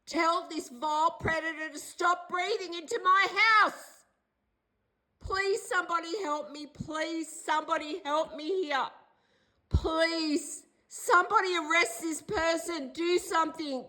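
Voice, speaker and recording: A woman's voice: very high voice, steady tone, measured pace, sharp tone, rough recording. An older Australian woman in a distressed direct-to-camera video, pleading and accusing in an agitated way and repeating herself. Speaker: vlogger.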